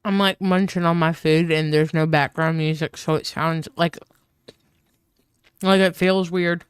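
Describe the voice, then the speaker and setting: Slow, smooth-voiced woman streamer swearing casually. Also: on the low side, fairly even intonation, dry recording. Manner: loose, joking and profane. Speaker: streamer playing a visual novel. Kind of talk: casual gaming commentary.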